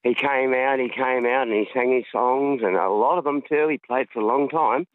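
A man's voice: mid-range voice, normal speed, no echo. An Australian man calling in to a radio show, telling a long rambling story in a chatty way over the phone. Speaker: caller. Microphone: phone line. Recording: tinny phone line.

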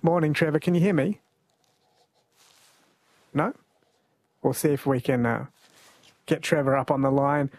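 Chatty Australian radio quiz host. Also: male voice, on the high side, unhurried, pauses often, darkish tone. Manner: chatty, jokey, laughs often. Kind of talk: late-night radio quiz hosting. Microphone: studio mic.

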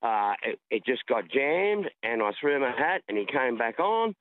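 A man's voice: medium pitch, sing-song, moderate pace, no room sound. Australian man on a tinny phone line. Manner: chatty storyteller, rambling and repetitive. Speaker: caller. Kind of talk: casual phone-in chat. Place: outdoors walking in a park.

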